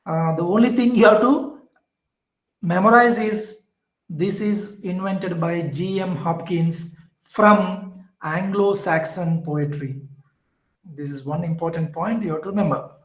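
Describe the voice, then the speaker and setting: A man with an Indian English accent teaching a poetry lesson, explaining slowly and repeating points with many fillers. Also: high voice, roomy sound, rough recording. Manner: slow, repetitive explaining with fillers. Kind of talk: classroom lecture on poetry.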